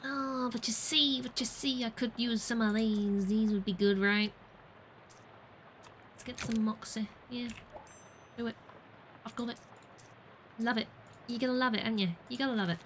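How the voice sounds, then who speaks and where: A woman's voice: on the high side, fairly even intonation, normal speed, pauses often, a little hiss or hum, poor audio. A woman chatting playfully through a video game on a livestream, muttering to herself and playing with words. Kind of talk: gaming livestream commentary.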